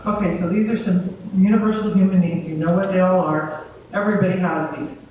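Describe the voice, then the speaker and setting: A woman's voice: on the low side, fairly even intonation, brisk, dark tone, a little hiss or hum. Woman presenter, casual talk to a crowd, heard from far off in a big echoing room. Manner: conversational, checks in with "right?". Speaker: guest speaker. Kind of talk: live talk to a gathering. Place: community gathering hall. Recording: echoey hall, distant and dull.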